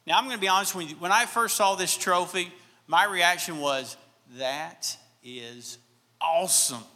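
A man's voice: high-pitched, brisk, bright, forceful tone, long reverb tail. A man from Alabama with a light Southern accent, preaching a sermon with folksy, self-deprecating storytelling. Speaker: pastor.

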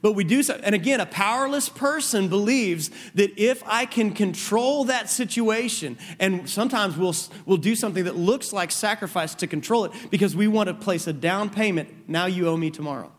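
A man's voice: high-pitched, moderate pace, few pauses. A man preaching a sermon on marriage, earnest, often repeating words as he builds a point. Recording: long reverb of a large hall.

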